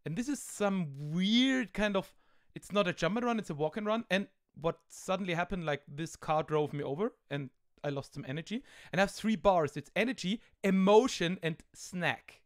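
A man's voice: high voice, lively intonation, moderate pace. German-accented man, rambling game commentary. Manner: rambling, amused, full of fillers. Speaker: host.

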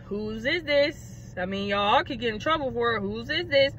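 A woman voicing a calm, firm male police officer who questions people insistently. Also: very high-pitched, moderate pace, a little hiss or hum, pitched below the performer's own voice. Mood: questioning.

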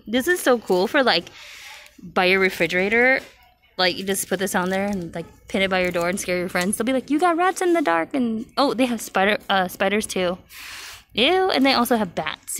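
A woman's voice: mid-range voice, fairly bright tone, slight background noise. Chatty woman listing store prices. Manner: chatty, listing prices, cooing over cute items. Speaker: shopping vlogger. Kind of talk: casual store walkthrough narration. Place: large retail store aisle.

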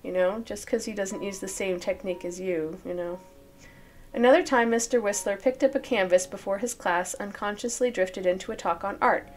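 A woman's voice: mid-range voice, moderate pace. A woman reading old newspaper articles aloud and breaking off for chatty, think-aloud asides.

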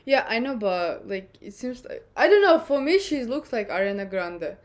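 A woman's voice: a little high, sing-song, normal speed. Chatty woman reacting to music. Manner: opinionated, hesitant with many fillers. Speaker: reaction video guest. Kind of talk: casual reaction chat.

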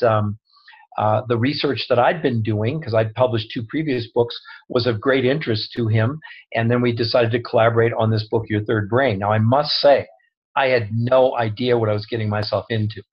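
A man's voice: mid-range voice, steady tone, moderate pace, breathy edge. A man speaking as a guest co-author over an online call, earnest and humble, with many restarts. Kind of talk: casual talk on a call. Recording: dull lo-fi online audio.

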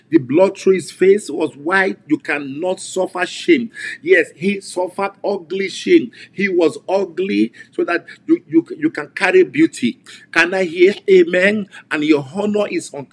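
A man's voice: a little high, husky. A man preaching and leading an online prayer session, fervently repeating declarations. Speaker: pastor.

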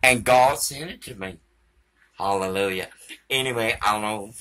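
A man's voice: fairly low pitch, normal speed, sharp tone. A man vlogging to a phone camera in a rambling, profane monologue that drifts between topics.

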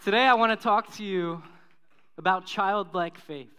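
A man's voice: sits high, normal speed, sharp tone, smooth, a faint crowd. A young man preaching a sermon as pastor, casual and upbeat with the congregation.

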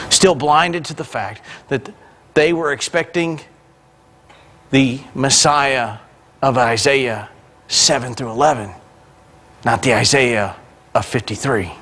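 A man's voice: medium pitch, takes it slowly, pauses often, a bit bright, a little hiss or hum. A man who is a pastor, preaching a sermon in a church. He retells scripture in everyday words and mixes in joking asides. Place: church sanctuary.

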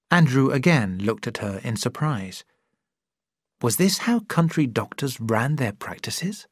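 A man narrating a story slowly and clearly for English learners. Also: medium pitch, very animated, dry recording, studio quality. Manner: clear, deliberate reading.

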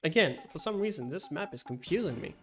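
A woman streamer chats through a game, self-mocking, with a lively voice that rises and falls a lot. Quiet game music plays under her talk. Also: low voice, fairly quick. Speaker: gaming video creator. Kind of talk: let's play commentary.

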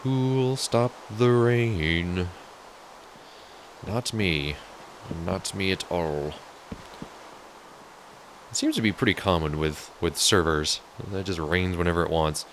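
Man, deep pitch, gravelly, chatty, joking, casual gameplay commentary. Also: a little slow, pauses often, a bit bright, a little hiss or hum. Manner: chatty, jokey, talks to viewers. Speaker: let's play host.

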